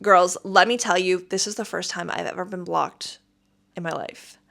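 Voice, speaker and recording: Animated woman telling a story. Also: fairly low pitch, normal speed, creaky. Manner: animated, emphatic, exasperated retelling. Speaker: podcast host. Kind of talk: casual storytelling.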